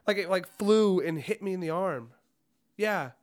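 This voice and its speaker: A man's voice: high-pitched, unhurried. A young man co-hosting a podcast, telling a long story in a rambling, profane way full of "like" fillers. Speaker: podcast co-host. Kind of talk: casual storytelling chat.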